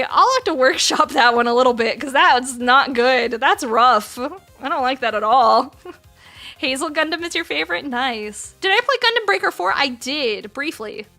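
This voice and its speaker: A woman's voice: high-pitched, sharp tone. A woman in her thirties chatting casually on a livestream, playful, laughing often and swearing freely. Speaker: streamer.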